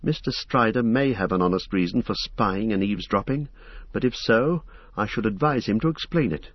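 A man voicing a cautious, earnest young male hobbit in an audiobook, raising his pitch above his own. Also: sing-song, brisk, husky, dry recording, dull audio, full character voice. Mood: indignant. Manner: wary, earnest, indignant. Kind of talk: audiobook character voice.

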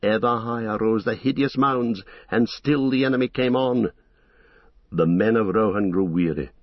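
Low-voiced guy reading a story, steady, dull lo-fi dry sound. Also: normal speed, no echo. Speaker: narrator. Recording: dull lo-fi recording.

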